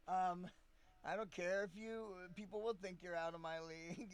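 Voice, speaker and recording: A man's voice: high voice, very animated, a little slow, long pauses, fairly bright tone. A man chatting casually on a live stream, rambling and swearing often, laughing between thoughts.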